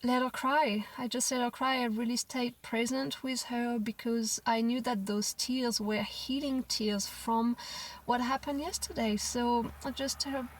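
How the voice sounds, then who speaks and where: A young mother telling a personal parenting story to camera in a gentle, reflective way, often restarting her sentences. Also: fairly high pitch, level tone, slow, recorded from a distance, slight background noise, poor audio. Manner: reflective, gentle, with frequent restarts and soft quoted asides.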